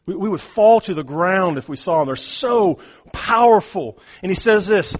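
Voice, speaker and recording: Male pastor with a high voice, impassioned and repetitive; he drops to a hush and then builds to a shout. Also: expressive, moderate pace. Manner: impassioned, swings from hushed to shouting; repeats words as he restarts phrases. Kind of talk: sermon.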